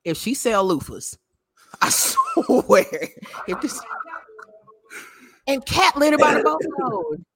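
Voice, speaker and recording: A woman's voice: high voice, wildly swooping pitch, takes it slowly, pauses often, fairly bright tone, no echo. Blunt, profane woman on a dry close mic. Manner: profane, blunt, laughs often. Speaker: podcast co-host. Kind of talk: casual chat.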